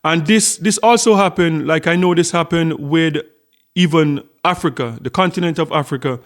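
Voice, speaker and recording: A man's voice: on the high side, moderate pace. A middle-aged Jamaican man hosting a casual vlog, telling a story in a chatty way with lots of repeated words. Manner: chatty storytelling with frequent repetitions. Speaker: channel host.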